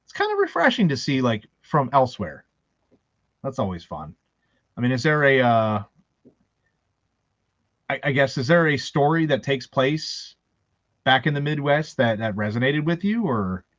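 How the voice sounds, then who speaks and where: A man's voice: medium pitch, very animated, normal speed, pauses often, a bit bright, no echo. Male host from Baltimore, faint local accent, rambling storyteller, dry and dull lo-fi sound. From Baltimore, USA. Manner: rambling, anecdotal, laughing often. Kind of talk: casual chat.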